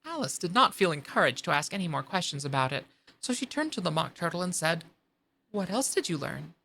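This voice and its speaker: A woman's voice: lowish voice, sing-song, quick pace, sharp tone. Woman reading a storybook aloud. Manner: casual asides between reading. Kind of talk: storybook narration on a live stream.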